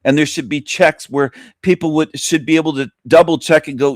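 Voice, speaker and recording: A man's voice: a little high, fairly even intonation, brisk, no echo, studio quality. A man hosting a radio show, ranting angrily with lots of swearing and repeated points. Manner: heated, swearing, repeats himself. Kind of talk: angry profane radio rant.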